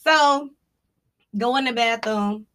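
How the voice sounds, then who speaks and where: A woman with a high-pitched voice tells a personal story on a podcast. Her tone is bright and clear, and she is loose and profane. She keeps it animated and full of laughter. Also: slow. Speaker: podcast co-host. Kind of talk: casual storytelling chat.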